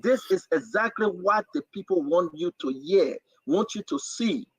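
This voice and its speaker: A man's voice: sits high, expressive, moderate pace, fairly bright tone, slightly rough, no room sound, poor audio. A man with a Liberian accent hosting a talk show, delivering fiery political commentary with repetitive, preacher-like emphasis.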